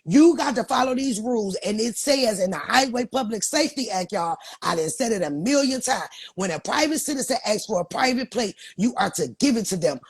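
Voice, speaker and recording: A woman with a husky, slightly breathy voice, sitting at a middle pitch for a woman. She hosts a live teaching chat and talks emphatically and profanely, calling her listeners y'all. Her delivery is blunt and streetwise. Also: expressive, fairly quick, hardly any pauses. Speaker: host.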